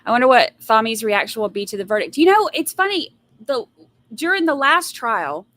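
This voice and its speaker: A woman's voice: a little high, animated, normal speed, fairly bright tone. Sassy, blunt woman ranting about a trial. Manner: exasperated sighs and rants. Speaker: trial commentary livestream host. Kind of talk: casual live commentary, reading viewer comments.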